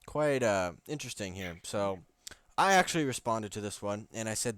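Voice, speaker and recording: Young man on a clear, dry mic. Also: on the low side, expressive, moderate pace, fairly bright tone, no room sound. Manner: reads social media posts aloud, joking. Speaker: podcast co-host and hockey coach. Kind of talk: casual podcast chat.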